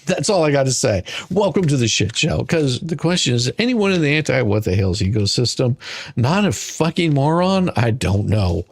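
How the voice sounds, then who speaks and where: A man's voice: mid-range voice, very animated, moderate pace. A man reading a court filing aloud and ranting at it, exasperated, sarcastic and insulting. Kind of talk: ranting commentary.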